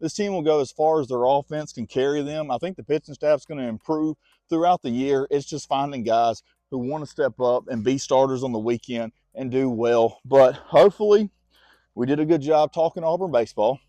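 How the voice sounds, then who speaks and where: A man talks college sports on a walk outdoors, slightly winded as he goes. His voice is mellow and warm, and he chats easily, now and then speaking to his dog. The recording is dry and close, with no room sound. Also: mid-range voice, moderate pace, no room sound. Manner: chatty, talks to his dog between points. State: winded from walking. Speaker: sports vlogger. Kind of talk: casual sports chat while walking.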